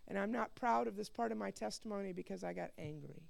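Speaking fast with vocal fry in a medium-pitched voice, a Missouri woman gives a heartfelt testimony. Her earnest account often repeats words and rises into loud, fervent preaching.

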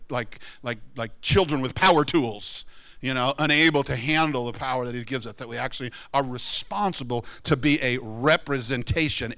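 Man, pastor, conversational sermon, animated, bright forceful tone. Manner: conversational, animated, acts out quoted people in high voices.

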